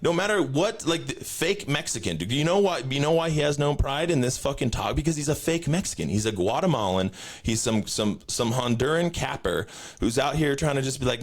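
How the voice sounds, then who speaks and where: A young man hosting a podcast, telling a profane story in a loose, ranting way and jumping up high when he quotes himself. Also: animated, fast. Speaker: podcast host. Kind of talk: casual rant.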